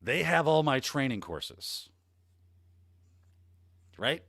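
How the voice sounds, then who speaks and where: A man's voice: medium pitch, big pitch swings, drawn-out words, fairly bright tone, no room sound, studio quality. Upbeat man hosting a live chat. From Midwest US. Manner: upbeat, rambling, greeting viewers by name. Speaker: host. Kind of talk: casual livestream chat.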